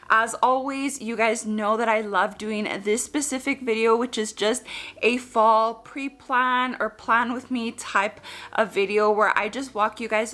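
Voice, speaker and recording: A woman's voice: fairly high pitch, fairly bright tone. A young woman chatting to her viewers in a casual home decor vlog, a little out of breath. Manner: chatty, addresses viewers as you guys.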